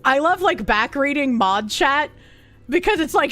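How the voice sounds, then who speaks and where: High, animated woman streamer. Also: moderate pace, faint music behind. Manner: animated, giggly, reads chat aloud. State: rough throat. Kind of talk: casual live-stream chat.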